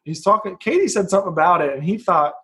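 A man's voice: high voice, quick pace, pushed and bright, breathy edge. A man sharing funny anecdotes in casual chat, giggling as he talks. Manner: giggly, chatty. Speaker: podcast co-host.

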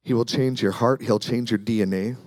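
A man's voice: medium pitch, steady tone, a little fast, a little mellow, no room sound. A man preaching a sermon as pastor, talking conversationally, repeating words and acting out the people in his story.

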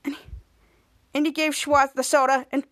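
Her voice sits high, with a level, fairly bright tone and a moderate pace, as this woman hosting a podcast casually recaps an episode. She strings it all into one rambling run-on with "and" after "and."

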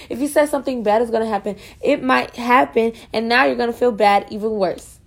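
A woman's voice: on the high side, fast talker, gravelly, few pauses. A woman student venting in a casual, rambling monologue for her podcast, frustrated and full of fillers.

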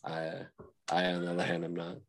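Deep-voiced joking man on a podcast. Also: monotone, a little fast, low-quality recording. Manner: joking, laughs often, mocking voices. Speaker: podcast co-host. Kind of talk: casual podcast banter.

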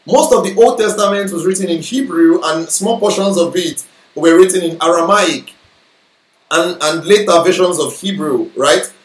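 Male Bible teacher, high-pitched, sermon delivery, echoey room, frequent check-ins with the audience. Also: normal speed. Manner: explanatory, checks in with listeners often.

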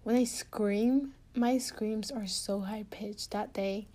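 A woman chatting intimately and casually to her partner, giggly and rambling in a soft, often half-whispered voice. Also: medium pitch, steady tone, takes it slowly. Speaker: podcast host talking to her partner. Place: indoors at home.

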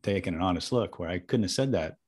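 A man hosting a casual heartfelt conversation, affectionate and soft-spoken, pausing often with fillers. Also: sits low, slightly rough. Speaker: host.

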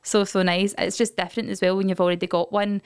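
Fast-talking Scottish woman telling a story. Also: mid-range voice, clean tone, no room sound, studio quality. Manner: lively storyteller, acts out quotes. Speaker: podcast guest telling her birth story. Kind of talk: casual chat.

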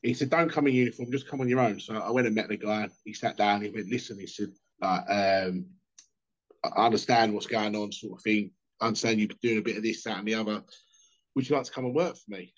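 A man's voice: lowish voice, fast. A man telling sweary, jokey anecdotes in a casual chat. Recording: dull lo-fi sound.

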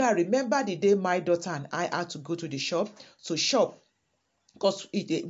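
A woman from Africa preaching a sermon, reading scripture and urging her listeners with slow, emphatic phrases that build in volume. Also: lowish voice, a little mellow, breathy edge, dull audio.

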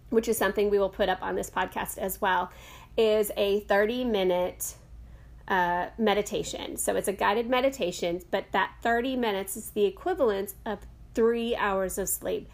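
A middle-aged woman talks through a casual yoga podcast, chatty and loose, with plenty of "uh"s and restarts. Her voice sits at an ordinary middle pitch for a woman. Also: steady tone, normal speed. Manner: chatty, rambling, with many fillers and self-corrections. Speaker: podcast host and yoga teacher.

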